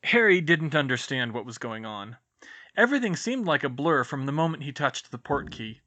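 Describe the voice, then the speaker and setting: Guy reading a story out loud, dramatic and expressive, really bright voice. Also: medium pitch, normal speed, dull audio. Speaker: audiobook narrator. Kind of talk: storybook reading of fan fiction.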